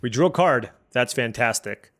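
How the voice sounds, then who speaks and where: A man streaming a card game, talking through his moves in a loose, chatty way. His pitch jumps around a lot as he weighs each play, lively and animated, at a mid pitch. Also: normal speed. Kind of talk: thinking aloud while playing.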